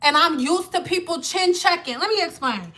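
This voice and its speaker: Bright-voiced woman ranting. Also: very high voice, animated, normal speed. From Detroit. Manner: blunt, ranting, swearing freely. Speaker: hair vlogger. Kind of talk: casual rant to camera.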